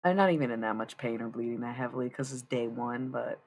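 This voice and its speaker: A woman's voice: a bass voice, quick pace, darkish tone. A woman in her thirties chatting casually and profanely on a tarot livestream. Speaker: tarot-reading streamer.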